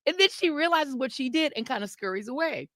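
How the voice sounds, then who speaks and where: A woman co-hosting a podcast, telling a story in an animated, laughing way. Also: high voice, brisk, no room sound, studio quality. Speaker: podcast co-host. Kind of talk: casual storytelling chat.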